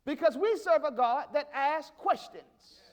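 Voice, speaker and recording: A man's voice: very high voice, lively intonation, unhurried, darkish tone. A man pastor a sermon, emphatic, repeating his questions for effect.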